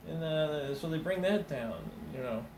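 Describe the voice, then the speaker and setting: A man's voice: fairly high pitch, expressive, measured pace, a little mellow, echoey room, far from the mic, a little hiss or hum, rough recording. A man doing stand-up comedy and telling a meandering story, full of fillers and restarts, putting on small voices for the people in it. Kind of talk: rambling comic storytelling.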